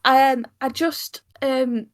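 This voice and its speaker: A woman playing a tabletop role-play game, with a fairly high voice. She talks hesitantly, restarting her sentences and filling pauses with ums. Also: fairly even intonation. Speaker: player.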